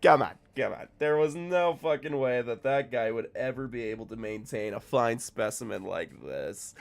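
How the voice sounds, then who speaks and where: A man's voice: mid-range voice, expressive, normal speed, vocal fry. A man voicing a snide, gloating male kobold who steals bodies, sneering and taunting. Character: snide male kobold soul-thief, French-tinged.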